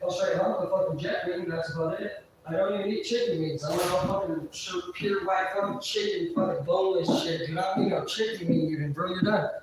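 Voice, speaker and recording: A woman's voice: on the low side, fairly quick, a little mellow, a little hiss or hum. A woman livestreaming, talking in a rambling, profane way that keeps trailing off and restarting. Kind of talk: rambling live-stream monologue. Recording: very echoey, voice far from mic.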